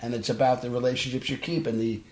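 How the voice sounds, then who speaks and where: A fast-talking actor with a mid-range voice and a Brooklyn New York accent swaps stories on a casual podcast, performing the quoted dialogue animatedly. He's from Brooklyn, and the podcast studio gives his voice a roomy echo.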